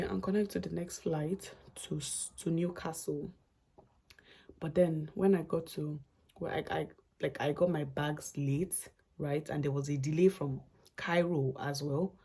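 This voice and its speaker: A woman's voice: deep voice, vocal fry, mellow, slightly rough. A young woman, telling a rambling, emotional travel story in a casual vlog. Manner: chatty, rambling with restarts and asides, emotional. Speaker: vlogger.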